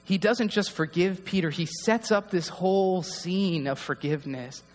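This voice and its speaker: A man's voice: sits high, normal speed, in a large hall, faint music behind. A man preaching a heartfelt, conversational sermon to his congregation in a church. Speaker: pastor. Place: church hall.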